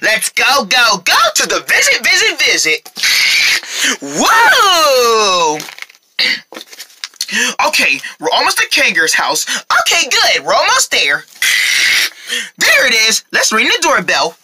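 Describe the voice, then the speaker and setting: A performer voicing a cheerful, boastful young male cartoon character who talks to the children watching in a high, excitable, sing-song way. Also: slow, pauses often, slight background noise, full character voice. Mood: excited, cheerful. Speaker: children's show character host.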